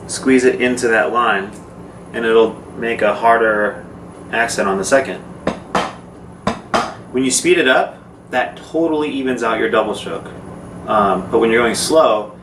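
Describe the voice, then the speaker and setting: A man teaching drum rudiments in a casual, informal way, talking through exercises with fillers as he demonstrates. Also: lowish voice. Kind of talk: casual instructional talk. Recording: echoey room, mic far off, noisy.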